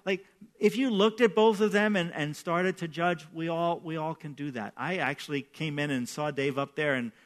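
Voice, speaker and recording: A man's voice: fairly high pitch, moderate pace. A man preaching a sermon as pastor, telling personal stories in a conversational way and often checking in with "right?". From New York. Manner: conversational storytelling with repeated "right?".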